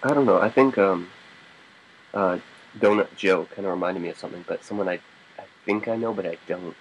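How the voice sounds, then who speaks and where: A man's voice: low voice, a little fast, slight background noise, rough recording. A man chatting casually on a podcast, hesitant and wry. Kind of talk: casual chat.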